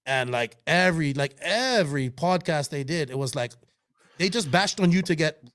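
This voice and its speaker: A man co-hosting a podcast, talking in an animated, defensive way, with frequent swearing and restarts. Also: fairly high pitch, moderate pace. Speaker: podcast co-host. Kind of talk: heated casual podcast chat.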